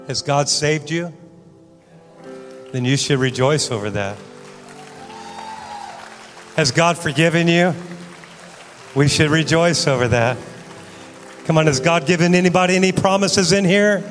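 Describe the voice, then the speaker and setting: A man preaching a sermon in a church, swinging from loud exhortation to soft, quiet prayer. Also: sits high. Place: church sanctuary. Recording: church hall reverb with guitar music.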